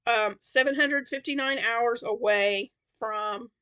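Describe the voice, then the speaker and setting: A woman's voice: fairly high pitch, takes it slowly, bright, forceful tone, smooth. A woman chatting casually on her crochet vlog, rambling with lots of fillers and restarts, sounding tired. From Tennessee. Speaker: crochet vlogger. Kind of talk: casual chat.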